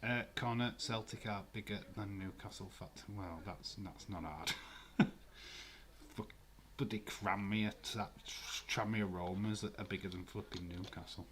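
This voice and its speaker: A man's voice: on the low side, fairly even intonation, a little slow, a bit bright. A man hosting a casual live watch-along stream, chatting loosely, swearing and laughing as he answers viewer comments.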